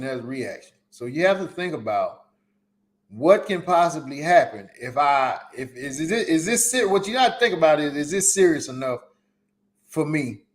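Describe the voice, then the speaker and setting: A man hosting a solo live podcast, giving emphatic, repetitive advice in casual slang. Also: a little high. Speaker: podcast host. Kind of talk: solo live-stream commentary.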